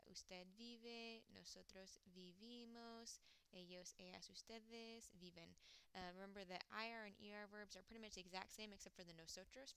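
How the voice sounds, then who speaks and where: A woman walks through a recorded lesson in a bright, crisp voice. Her tone is very clear and smooth. She explains patiently, step by step, with plenty of "um"s, and slows down to say foreign words carefully. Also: mid-range voice. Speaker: Spanish teacher.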